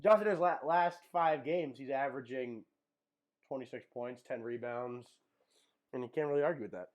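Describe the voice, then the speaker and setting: A man's voice: medium pitch, normal speed, dull audio. A young man co-hosting a casual podcast, talking basketball with hesitant restarts. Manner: hesitant, lots of um and uh. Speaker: podcast co-host. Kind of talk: casual sports chat.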